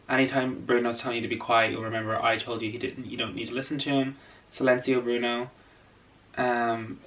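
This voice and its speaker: A man's voice: medium pitch, fairly bright tone, recorded from a distance. A man vlogger chatting casually about a film while doing his makeup, gushing and playful. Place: indoors at home, doing makeup on camera.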